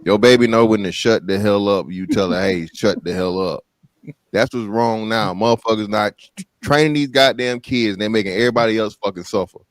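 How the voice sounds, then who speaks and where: Blunt profane man with a lowish voice. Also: fairly quick, no room sound. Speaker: panelist.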